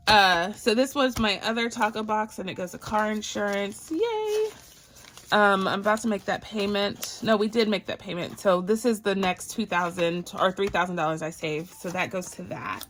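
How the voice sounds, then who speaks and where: A woman's voice: mid-range voice, a bit bright, a little hiss or hum. A woman from Barbados chatting casually to her viewers while sorting and counting cash for her budget. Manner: chatty and playful, addresses viewers as y'all. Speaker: budgeting vlogger.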